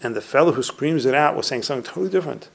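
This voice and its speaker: Male Torah teacher, gravelly mid-range voice, retells Talmud stories and often trails off quietly. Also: medium pitch, animated, rapid-fire. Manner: retells Talmud stories, reciting Hebrew and Aramaic phrases and then translating. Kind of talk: recorded Torah class on humility.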